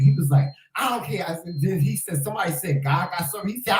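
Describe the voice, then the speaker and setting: A man's voice: sits high, lively intonation, fast, hardly any pauses, echoey room, rough recording. A man co-hosting a casual chat, speaking earnestly and reflectively, often repeating himself. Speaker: co-host.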